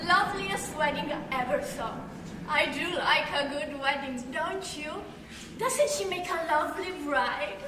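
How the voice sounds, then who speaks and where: A woman's voice: high voice, measured pace, distant mic. A woman playing a gushing, weepy wedding guest. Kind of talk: stage play acting. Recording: echoey, noisy stage audio from afar.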